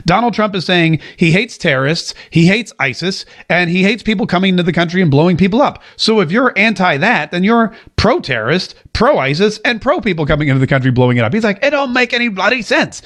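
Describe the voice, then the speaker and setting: A man's voice: sits high, expressive, fairly bright tone. A man from the United States hosting a political talk show, joking and sarcastic as he reads viewer comments. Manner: sarcastic, joking, quick asides.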